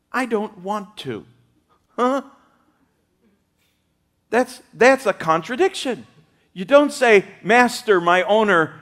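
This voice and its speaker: Animated male pastor preaching. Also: high-pitched. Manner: animated preaching, acting out quoted voices with humor. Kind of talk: sermon.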